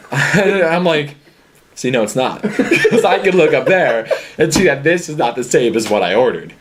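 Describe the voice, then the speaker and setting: A man's voice: a little high, expressive, normal speed, noisy background. A young man, a guest on a casual podcast, retelling something with exasperation and laughter.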